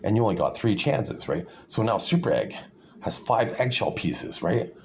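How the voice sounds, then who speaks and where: Low, gravelly man ranting to camera, sarcastic and condescending, swings his pitch widely. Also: very animated, moderate pace. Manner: sarcastic, condescending, full of fillers and restarts. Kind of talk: rambling monologue.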